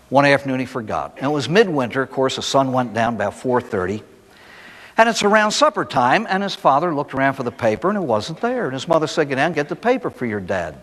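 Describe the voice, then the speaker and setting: A priest gives a recovery talk to an audience, spinning folksy stories and posing rhetorical questions. His voice is on the high side and a bit bright, captured in an echoey hall.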